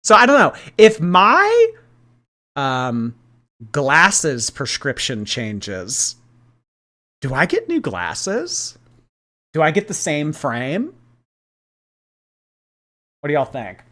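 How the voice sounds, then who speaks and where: A man's voice: on the high side, wildly swooping pitch, extremely slow, pauses often, sharp tone. A man hosting a casual livestream, reading and answering viewer chat in a gossipy way and laughing often.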